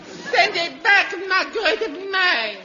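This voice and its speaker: A man voicing a squeaky, self-important schoolboy in 1950s radio comedy. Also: very animated, extremely slow, sharp tone, a faint crowd, heavily acted. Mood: silly. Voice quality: squeaky, boyish. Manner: pompous, goofy. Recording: dull 1950s radio broadcast with studio audience laughter.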